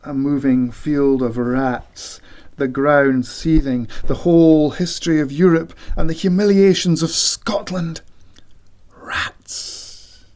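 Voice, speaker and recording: A man reads a literary novel aloud in a slow, deliberate way. His voice sits a little high, and he whispers the sound effects. The reading is theatrical and expressive. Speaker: audiobook reader.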